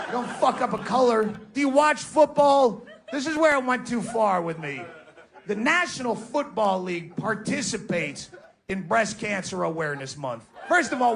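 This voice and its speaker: In a live stage recording at a comedy venue, a man does a sarcastic, foul-mouthed stand-up set for the audience in front of him. His voice is very high-pitched, creaky and a bit bright, and the recording has a little hiss or hum.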